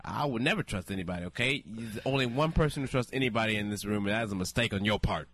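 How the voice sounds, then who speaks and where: A man's voice: fairly low pitch, fast talker, fairly bright tone, no room sound. A young man co-hosting a casual podcast, ranting in a heated, profane, mock-indignant way. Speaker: podcast co-host, comedian.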